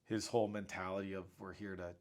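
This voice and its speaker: A man's voice: deep voice, fast. A middle-aged man, a school principal, telling a personal story in casual conversation, acting out what people said. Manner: animated storyteller acting out quoted voices.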